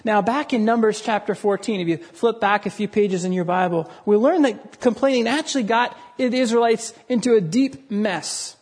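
A man's voice: sits high, normal speed, hardly any pauses, darkish tone. A man preaching a sermon in an earnest way, often repeating words for emphasis. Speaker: pastor.

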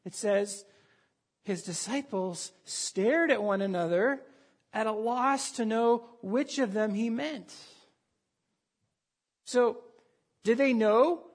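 A man with a fairly high, husky voice preaching a sermon. He talks conversationally and with animation, often restarting mid-sentence as he works through the passage. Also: slow pace, long pauses. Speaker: pastor.

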